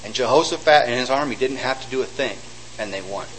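A man preaching a sermon, retelling stories with animated delivery and acting out the voices of the people in them. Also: medium pitch, fast talker, slight background noise, rough recording. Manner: animated storytelling, acting out quotes.

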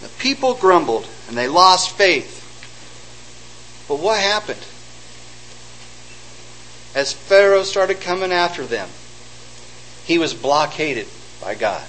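A man preaching a sermon, retelling stories with animated delivery and acting out the voices of the people in them. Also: fairly high pitch, slow pace, long pauses, slight background noise, poor audio. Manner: animated storytelling, acting out quotes.

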